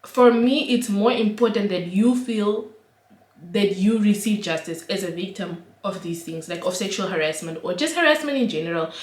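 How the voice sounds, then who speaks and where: A young woman, telling an animated, slangy storytime for her vlog. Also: medium pitch, moderate pace. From Namibia. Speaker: vlogger. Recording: roomy echo.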